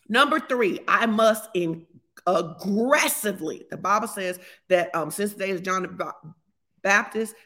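A middle-aged woman pastor delivering a sermon, animated and emphatic, repeating key lines for effect. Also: medium pitch.

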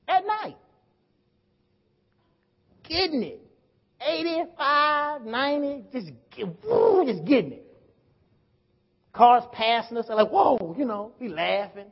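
A man preaching a sermon, telling a story and calling out to the congregation, swinging between hushed and loud. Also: high voice, breathy edge. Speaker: pastor. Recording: dull sound with long hall reverb.

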